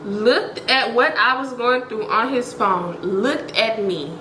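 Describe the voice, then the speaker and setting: A woman's voice: a little high, takes it slowly, roomy sound, noisy background. A young woman vlogger telling a dramatic personal story straight to her viewers, blunt and profane.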